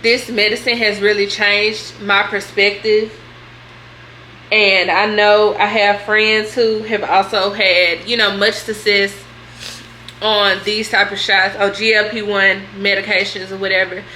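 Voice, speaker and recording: A woman's voice: medium pitch, flat delivery, a little slow, pushed and bright, echoey room, a little hiss or hum. A young woman vlogging a candid question-and-answer session, chatty and slangy. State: tearful at times. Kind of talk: candid vlog Q&A.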